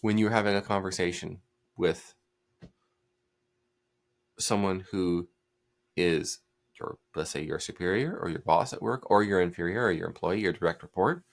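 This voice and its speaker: A low, gravelly male voice, delivering a commanding solo commentary. He talks bluntly and directively. His fry-laden tone gives his orders a rough edge. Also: moderate pace, long pauses. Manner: blunt, commanding, mocks hesitant speech with put-on hedging. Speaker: host.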